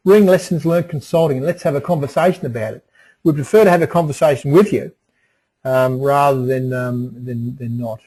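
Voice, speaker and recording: A man's voice: medium pitch, brisk, darkish tone, rough recording. A middle-aged man presenting a webinar in a folksy way, repeating phrases and restarting often. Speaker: webinar presenter on emotional resilience.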